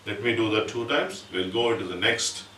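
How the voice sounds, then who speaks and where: A man's voice: on the low side, brisk, pushed and bright, far from the mic, a little hiss or hum. A man giving a percussion lesson, patiently explaining each step and chanting rhythm syllables. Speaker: percussion teacher. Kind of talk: music lesson with spoken syllables. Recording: roomy, from off-mic, with instrument playing.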